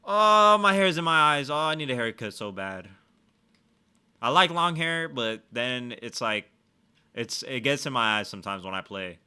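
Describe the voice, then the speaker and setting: A man giving casual let's-play commentary, swearing a lot and trash-talking with excitable energy. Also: medium pitch, moderate pace, clean tone. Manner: profane, excitable trash talk. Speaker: gaming streamer.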